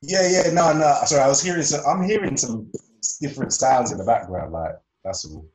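A man's voice: mid-range voice, brisk, darkish tone, low-quality recording. A young man in a casual chat, speaking hesitantly and tentatively.

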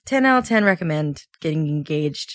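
A woman's voice: low-pitched, expressive, normal speed, no room sound, clean studio sound. A young woman co-hosting a podcast in casual chat, emotional and laughing often as she talks. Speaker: podcast co-host.

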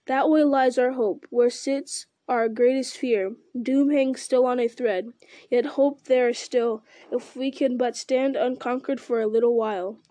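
A woman's voice: sits high, fairly even intonation, normal speed, mellow, no echo, close to an everyday voice. A woman reading as Gandalf, a grave old wizard. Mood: solemn.

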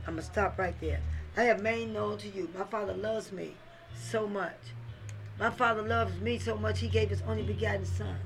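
A woman co-hosting a lively Christian radio Bible study, emphatic and repeating her phrases in call-and-response style. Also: medium pitch, normal speed, soft background music, rough recording. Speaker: radio Bible teacher, co-host. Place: radio station studio.

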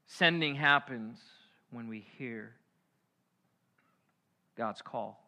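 A man preaching a sermon as a pastor, animated and acting out biblical figures, swinging from hushed to loud. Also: medium pitch, extremely slow.

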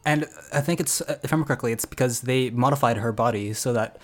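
A man's voice: mid-range voice, fast talker, soft background music. A young man co-hosting a casual podcast, easygoing and asking the group questions. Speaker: podcast co-host. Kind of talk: casual gaming podcast chat.

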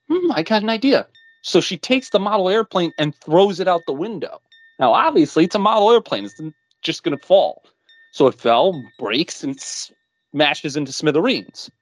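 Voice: mid-range voice, dry recording. A podcast co-host in casual chat, animatedly retelling a story and swearing bluntly along the way. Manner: animated storytelling, retelling a plot with mock voices.

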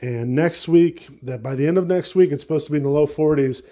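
A man's voice: a little high, fairly quick, warm tone. A man hosting his own podcast alone, talking casually in a rambling, profane and sarcastic way. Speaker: podcast host. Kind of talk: casual solo podcast rant.

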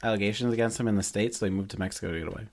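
A man co-hosting a podcast in casual chat, cracking jokes and throwing in loud side comments. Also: fairly low pitch, fairly even intonation, very fast. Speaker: podcast co-host.

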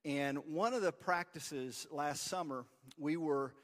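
A pastor in his forties tells a story from the pulpit, casual and self-deprecating in an easygoing, conversational sermon. His voice sits a little high for a man. It carries a long reverb tail through a large church sanctuary. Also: slow pace, a bit bright.

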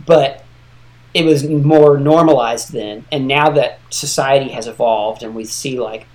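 A podcast co-host in an easygoing conversation lays out a point step by step and keeps going. The voice sits at a middling pitch with nothing unusual about its tone. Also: unhurried, darkish tone. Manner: explanatory, lays out points at length. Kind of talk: casual chat.

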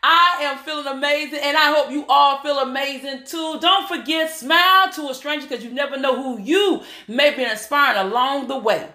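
Bright, high-voiced woman preaching motivation. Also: moderate pace, hardly any pauses. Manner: preachy, call-and-response, addresses listeners as y'all and honey. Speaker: motivational speaker. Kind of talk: motivational talk.

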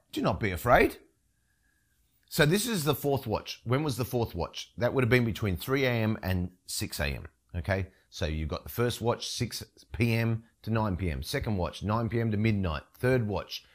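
A man preaching a sermon, telling a story with expressive emphasis. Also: fairly low pitch, moderate pace. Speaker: pastor.

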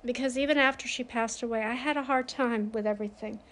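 A woman in mourning talks openly in a personal monologue, her voice sitting a little high. She is frank and confiding, rising into emphatic bursts when something stings. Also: steady tone, fast talker, a bit bright. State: grieving.

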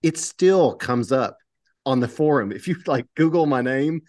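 A man co-hosting a podcast, telling stories in relaxed casual chat. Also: medium pitch, a little slow, no echo, clean studio sound. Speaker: podcast co-host.

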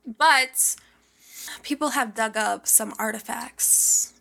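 Gravelly, bright-voiced chatty young woman. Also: a little high, slow. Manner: chatty, fillers "like" constantly, excitable gasps and squeals. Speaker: podcast co-host. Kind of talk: casual gossip chat.

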